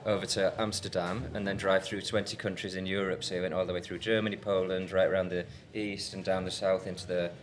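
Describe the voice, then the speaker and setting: A man's voice: sits low, little pitch movement, fast talker, hardly any pauses. A man co-hosting a live podcast, chatty and self-deprecating. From Yorkshire, England. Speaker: podcast co-host. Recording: faint ambient noise, live event.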